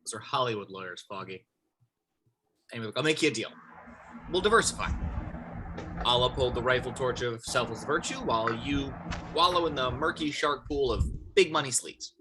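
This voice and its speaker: A man's voice: mid-range voice, expressive, moderate pace, long pauses, background noise, lightly acted. A man reading the part of Matt, an earnest, charming blind male lawyer, in an amateur script table read.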